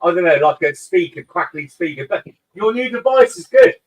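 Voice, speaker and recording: A man's voice: high voice, expressive, normal speed, poor audio. A man chatting on a livestream, joking, swearing and firing questions at the others. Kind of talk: casual chat.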